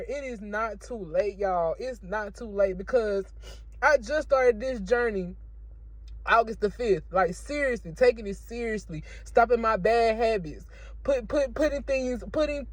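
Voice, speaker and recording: A woman's voice: fairly high pitch, dry recording. A woman, talking through a casual faith testimony vlog in an emotional, repetitive, preachy way, recorded in her car. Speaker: vlogger sharing a faith testimony.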